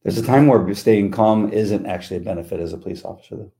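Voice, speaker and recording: A middle-aged podcast co-host chats casually, telling stories in a laid-back way and acting out quotes. He talks fast with a lowish, mellow voice and vocal fry.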